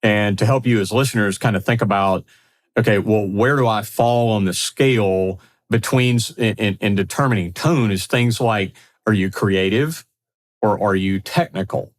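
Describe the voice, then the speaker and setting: Male podcast co-host, lowish voice, upbeat and affirming. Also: moderate pace. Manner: upbeat, affirming, builds on points. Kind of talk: casual podcast discussion.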